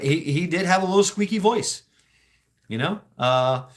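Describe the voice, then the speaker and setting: Male podcast host, middle-aged, casual and profane storyteller, slightly high voice, bursts into squeaky impressions. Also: unhurried, slight background noise. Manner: animated, laughing, swearing, acts out quotes in high voices.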